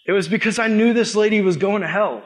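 A young man as youth pastor, preaching a sermon with animated storytelling that acts out the dialogue. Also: high-pitched, quick pace, a little hiss or hum.

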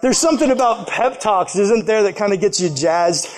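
A young man preaching a casual storytelling sermon to a youth group, animated and jokey, laughing at himself as he tells a story. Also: sits high, moderate pace. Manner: animated, jokey, self-deprecating with frequent laughs. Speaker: youth pastor. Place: church youth service.

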